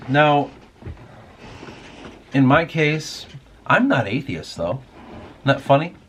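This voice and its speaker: Male host, mid-pitched and a little raspy, loose profane monologue, thinking out loud. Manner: rambling, profane, musing aloud. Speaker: podcast host. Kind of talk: casual spoken monologue.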